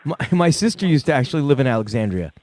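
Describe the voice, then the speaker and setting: A man's voice: medium pitch, sing-song, quick pace, a little mellow. A middle-aged man hosting a call-in podcast, talking loosely and profanely in rambling stories. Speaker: podcast host. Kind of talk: casual call-in chat.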